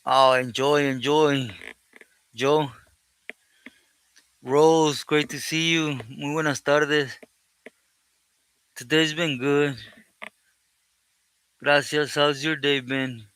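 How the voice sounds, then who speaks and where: A man with a smooth, resonant voice hosts a casual live stream, reading out his chat and greeting each viewer by name. He drifts between English and Spanish and keeps thanking God. The sound is dry and close, with no room echo. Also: fairly high pitch, flat delivery, drawn-out words, pauses often, fairly bright tone. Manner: thankful, often praises God. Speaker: livestream host reading chat.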